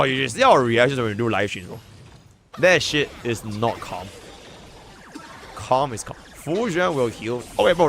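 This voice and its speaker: Animated Singaporean guy streaming games. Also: mid-range voice. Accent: Singaporean English. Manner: animated, profane, slangy, talks to chat. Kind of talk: casual live game commentary.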